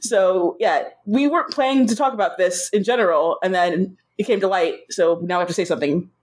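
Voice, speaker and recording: Relaxed woman host, laughs through her intro, casual chat. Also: fairly low pitch, a little fast. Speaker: podcast host.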